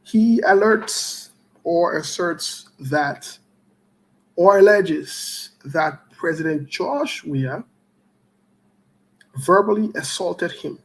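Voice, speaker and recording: Man, talk show host, high voice, slow deliberate delivery, greets callers by name. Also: rough recording. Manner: greets callers by name in a steady string, joking asides. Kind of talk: call-in talk show greetings and political commentary.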